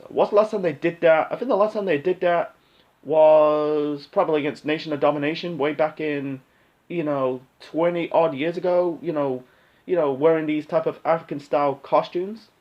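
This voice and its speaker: A man with a slightly raised voice talks through his predictions in a loose, rambling way, full of "you know" and restarts. He is blunt and swears now and then. The recording sounds dull and lo-fi. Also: on the high side. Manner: rambling, many fillers and restarts. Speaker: wrestling pay-per-view predictions host. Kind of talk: casual solo commentary.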